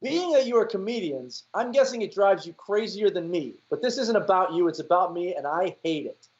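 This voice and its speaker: A man's voice: high voice, animated, brisk, darkish tone. A man hosting a comedy talk show, chatting casually with guests and reading out viewer letters. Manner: easygoing, reads out viewer letters. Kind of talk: casual panel chat. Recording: dull lo-fi audio.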